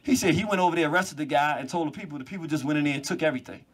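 A man with a slightly high, husky voice speaks to a live audience. He lectures in an animated way, telling stories and dropping mocking asides. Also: very fast. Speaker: public speaker. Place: cultural venue before a live audience.

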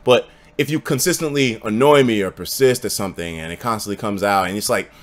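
A young man streaming live, telling a story in casual chat. He swears freely and swings from low mutters to loud bursts. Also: fairly quick.

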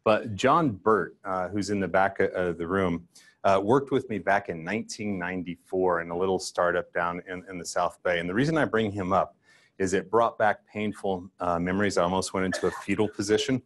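A man's voice: low-pitched, brisk. An older man giving a conference talk, telling self-deprecating stories and acting out his younger self. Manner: self-deprecating storytelling, acts out his past self. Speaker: guest speaker.

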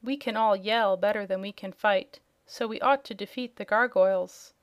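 A woman voicing a brisk, hearty little wizard in a storybook reading. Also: mid-range voice, fairly even intonation, dry recording, close to an everyday voice. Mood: confident. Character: cheerful little old man wizard.

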